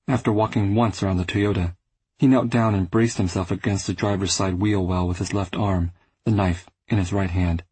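A male audiobook narrator with a low, very husky voice reads first-person literary fiction. His delivery is measured and restrained, and the sound is dry and close. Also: fairly even intonation, darkish tone, no room sound, poor audio.

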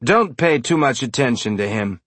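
A man's voice: medium pitch, lively intonation, normal speed, fairly bright tone, no echo. A man voicing a laid-back robotic alien with a tinny voice and a Belter accent, speaking in a casual, wry, blunt way.

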